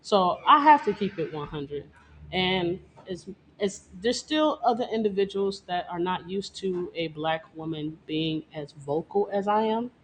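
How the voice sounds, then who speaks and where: A woman's voice: on the low side, expressive, unhurried, slight background noise. Blunt, trash-talking woman dancer. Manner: blunt, profane, boastful, laughs often. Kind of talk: casual interview talk. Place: Detroit.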